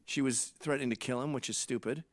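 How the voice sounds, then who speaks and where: In a fast, mid-range voice, a late-forties Canadian man rattles through irreverent comic stories. It's a podcast monologue delivered with animated storytelling.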